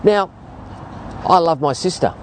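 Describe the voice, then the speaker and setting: A man's voice: measured pace, slight background noise. A man in his fifties with an Australian accent, preaching a sermon and telling stories to make his point. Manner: animated storytelling preacher, lively rises and drops in pitch.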